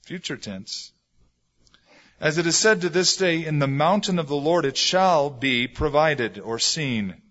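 A middle-aged man preaching a sermon, telling stories and swinging between loud stresses and hushed asides. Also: fairly high pitch, lively intonation, unhurried. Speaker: pastor. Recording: dull lo-fi sermon recording.

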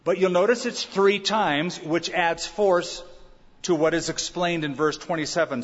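A pastor preaching an expository sermon, emphatic and asking the congregation questions. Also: male voice, a little high, expressive, moderate pace. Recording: dull reverberant church sound.

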